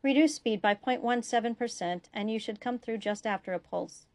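A woman reading a calm, precise female starship officer giving exact instructions. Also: on the high side, normal speed, dry recording, natural voice.

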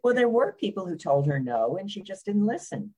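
A woman guest in a conversational interview, talking with a wry, blunt edge and firm opinions. Her voice sits at an ordinary middle pitch for a woman. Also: sing-song, brisk, a little mellow, husky, rough recording. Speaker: biographer guest.

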